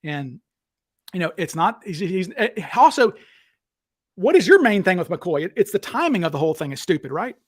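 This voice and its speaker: A man's voice: high voice, sing-song, normal speed, husky, no echo, clean studio sound. A man with a Southern accent hosting a livestream, blunt and combative as he knocks down claims. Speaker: host. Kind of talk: heated livestream discussion.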